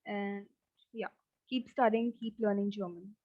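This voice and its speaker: A woman teaching a German lesson, speaking slowly and repeating each word several times. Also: medium pitch, fairly even intonation, no room sound. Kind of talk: online language lesson. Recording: dull, dry lo-fi sound.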